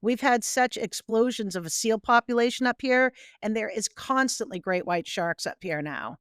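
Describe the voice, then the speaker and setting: A woman hosting a podcast from New England, chatty and quick to laugh. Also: on the high side, a bit bright, clean tone, no echo, clean studio sound. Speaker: podcast host. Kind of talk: casual interview chat.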